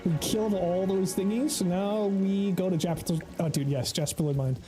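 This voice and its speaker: An American man streams a game, his high voice at normal speed over music, and the audio is poor. His livestream commentary is casual and loose, with free swearing and frequent laughter.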